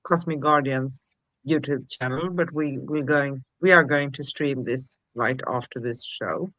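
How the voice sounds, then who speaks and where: A woman co-hosting a spiritual livestream, talking gently and reading affirmations in a soothing way. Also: extremely low pitch, measured pace, no room sound, rough recording. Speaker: co-host.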